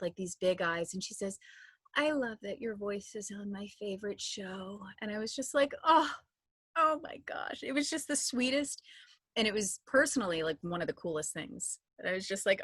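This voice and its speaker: A woman's voice: mid-range voice, fairly bright tone, no room sound, studio quality. A woman in her thirties, an audio description narrator, telling stories in a chatty interview with many restarts. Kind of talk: casual interview talk.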